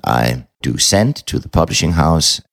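A man's voice: very deep voice, animated, a little slow, gravelly. A middle-aged man, a novelist telling a personal story in an interview, blunt and candid, swearing casually.

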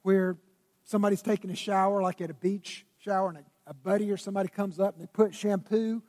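A man preaching a sermon as pastor, swinging between loud bursts and hushed, intimate tones. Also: high-pitched, steady tone, quick pace. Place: church sanctuary. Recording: long reverb of a church hall.

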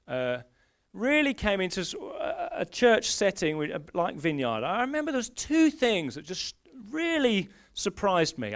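A man preaching a sermon in a lively, conversational way, often restarting his phrases. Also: sits high.

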